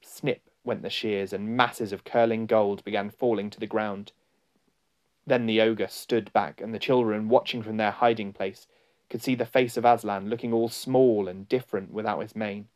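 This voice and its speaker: A man reading a storybook aloud in a slow, deliberate and dramatic narration. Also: on the low side, a little mellow. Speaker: audiobook narrator.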